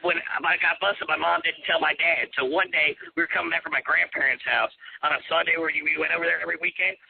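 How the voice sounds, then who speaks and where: A man who plays bass, from Florida, telling profane, animated stories in a casual talk-radio chat. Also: fast talker, gravelly, breathy edge, dry recording. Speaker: bass player. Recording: tinny phone-like radio audio.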